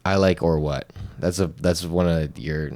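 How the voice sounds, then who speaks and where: A man's voice: low voice, steady tone, measured pace, a little mellow. A man co-hosting a comedy podcast, chatting casually and teasing his friend, laughing often. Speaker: podcast co-host.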